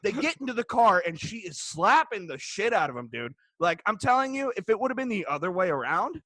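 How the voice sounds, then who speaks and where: A man co-hosting a podcast, telling a story in an animated, profane, ranting way into a close mic. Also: high voice, a little fast, no room sound. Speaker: podcast co-host. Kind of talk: casual storytelling chat.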